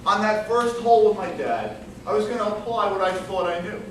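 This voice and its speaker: A man giving a humorous competition speech, telling a story with animated comic timing, recorded from a distance in a large hall with the audience laughing. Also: sits high, brisk. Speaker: contest speaker. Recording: echoey hall from far off, with room noise.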